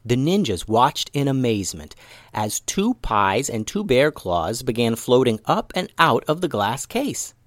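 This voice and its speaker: A man narrating a children's story in an expressive, animated reading. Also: medium pitch, measured pace, no echo, studio quality.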